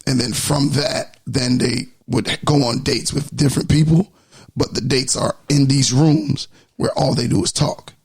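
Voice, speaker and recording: A man co-hosting a podcast, explaining things in a laid-back, halting way in casual chat. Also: medium pitch, creaky, darkish tone, breathy edge. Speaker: podcast co-host.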